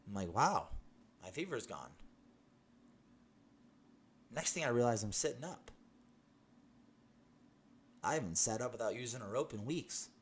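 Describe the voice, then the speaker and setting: A man with a mid-range voice tells his personal testimony casually and emphatically, getting excited, laughing, and restarting his sentences many times. He speaks at a normal speed with frequent pauses, and there is a little hiss or hum in the recording.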